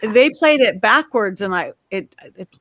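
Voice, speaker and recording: A woman's voice: medium pitch, unhurried, dry recording. Middle-aged lady, medium voice, chatty storyteller, dry close mic sound. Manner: animated storyteller, acts out quotes. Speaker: medium, panel guest. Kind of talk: casual panel chat.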